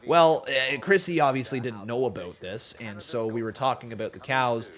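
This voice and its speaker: A man hosting a live watch-along stream, chatting casually and excitably with viewers, often laughing at himself. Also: medium pitch, moderate pace.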